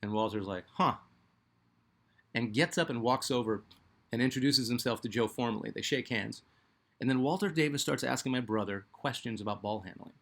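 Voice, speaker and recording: A man's voice: mid-range voice, gravelly, fairly bright tone. A middle-aged man from Phoenix, hosting a sports channel and telling a personal story in a rambling, conversational way full of fillers. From Phoenix, Arizona, US.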